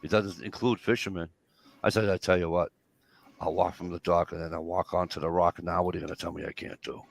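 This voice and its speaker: A man's voice: low-pitched, completely flat delivery, fast talker, creaky. A man telling a story in casual chat, profane and acting out both sides of an argument. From Massachusetts. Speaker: guest in group chat.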